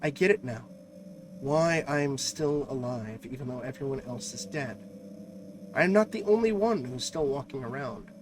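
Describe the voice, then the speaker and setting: A man's voice: mid-range voice, lively intonation, moderate pace, background noise, lightly acted. A man voicing a frightened young nurse in an anxious, pleading way, with music playing behind.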